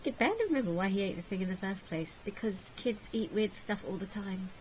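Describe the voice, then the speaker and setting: A woman's voice: medium pitch, lively intonation, quick pace, a little hiss or hum, poor audio. A woman hosting a gaming video, reading a visual novel aloud in a sarcastic, jokey manner.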